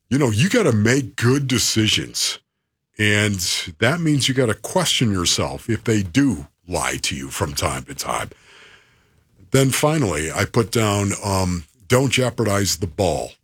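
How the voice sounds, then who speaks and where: A man co-hosting a casual sports talk show, animated and coach-like, laying out his points. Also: on the low side, a little slow, husky, no room sound, studio quality. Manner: animated, coach-like, mimics voices. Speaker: co-host.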